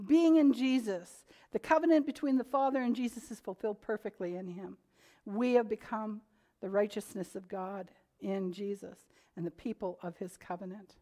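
A woman's voice: fairly high pitch, darkish tone. A woman preaching a sermon to her congregation, earnest and growing emphatic when she reads scripture aloud. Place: church.

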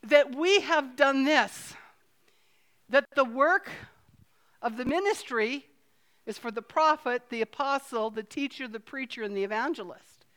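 A middle-aged woman pastor preaching a sermon in a church, earnest and conversational with playful asides and slowed-down emphasis. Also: high voice, a bit bright. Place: church sanctuary, filmed. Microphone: filmed on camera.

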